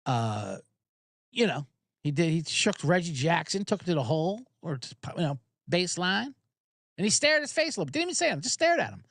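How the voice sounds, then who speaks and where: A man hosting a sports betting podcast, talking casually in an animated, profane, rambling way. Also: a little high, a little fast, creaky, no room sound, studio quality.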